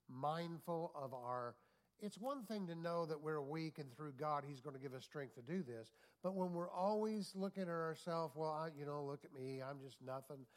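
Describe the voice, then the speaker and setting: A man, a pastor, preaching a sermon with repeated phrases and call-and-response asides. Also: on the high side. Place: church.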